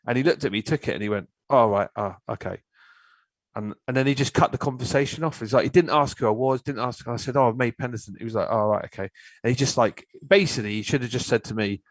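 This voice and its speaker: A man's voice: medium pitch, no room sound, low-quality recording. A man, telling a story in a blunt, ranting way as a filmmaker guest on a casual chat show. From Cornwall, England.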